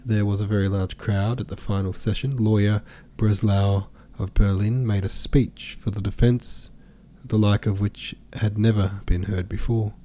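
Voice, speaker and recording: A man reading a classic novel aloud as an audiobook, steady and measured. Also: fairly low pitch. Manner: steady, measured, even storytelling. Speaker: podcast host and audiobook reader.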